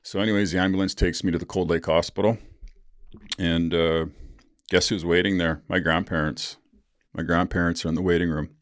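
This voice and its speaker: A man's voice: low-pitched, little pitch movement, a little fast, no room sound, studio quality. A man, a podcast host telling a personal story in a blunt, profane way with rueful laughs.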